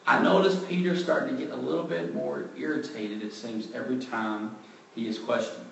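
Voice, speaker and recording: A man's voice: mid-range voice, fairly quick, vocal fry. Man teaching scripture in an echoey room. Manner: relaxed, thinks aloud and openly admits uncertainty. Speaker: Bible teacher. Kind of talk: conversational Bible teaching. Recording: very echoey room, mic far off, faint background noise.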